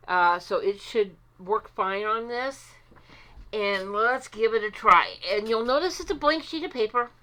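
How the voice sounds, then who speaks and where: Slow-talking chatty woman art vlogger. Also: mid-range voice, fairly bright tone. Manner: self-deprecating, chatty with many fillers. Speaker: art channel host. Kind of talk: casual art vlog chat.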